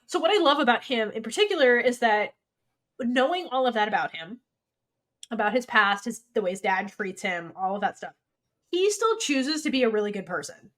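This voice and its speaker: Brief: woman podcast co-host, chatty and animated, voice bouncing up and down, somewhat high. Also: fairly quick. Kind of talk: casual chat.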